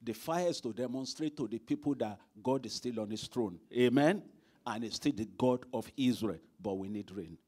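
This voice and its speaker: A man's voice: medium pitch, moderate pace, darkish tone, husky. A man preaching a sermon at a church service, emphatic and asking the congregation rhetorical questions.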